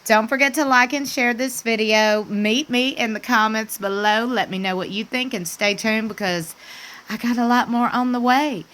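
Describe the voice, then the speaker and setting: A woman talks straight to her viewers in a gushing, folksy vlog voice. Her tone is vivid and bright, set a little high, and she keeps circling back to repeat herself. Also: normal speed, poor audio. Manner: gushing, repetitive, folksy asides. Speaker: celebrity gossip vlogger. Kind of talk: chatty commentary to camera.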